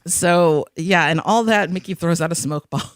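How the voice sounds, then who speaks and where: A woman's voice: fairly low pitch, moderate pace, no room sound, studio quality. A young woman hosting a podcast, chatting casually about an episode, rambling and giggling as she acts out quotes. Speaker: podcast host. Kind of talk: casual chat recapping an episode.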